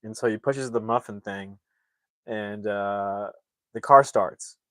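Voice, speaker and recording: A man's voice: lowish voice, slow, dry recording. A young man casually retelling a film's plot as a reviewer, rambling and acting out the characters' lines as he goes. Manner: rambling, animated retelling with acted-out quotes. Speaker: movie reviewer.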